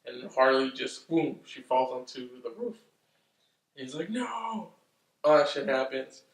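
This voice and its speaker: A man casually recapping a film's plot, rambling, swearing often and getting excitable. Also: mid-range voice, normal speed. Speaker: movie reviewer. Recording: roomy, distant from the mic.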